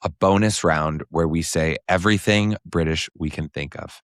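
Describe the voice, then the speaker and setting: Deep-voiced man, playful podcast banter. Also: dry recording, studio quality. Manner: playful, joking, quick bursts. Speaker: podcast co-host. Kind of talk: casual chat.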